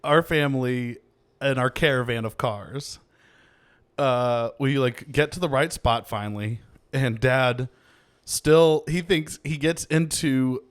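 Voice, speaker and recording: A man's voice: mid-range voice, slow, clean tone. A man hosting a podcast, chatting casually and recounting a family story alongside his guest. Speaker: podcast host.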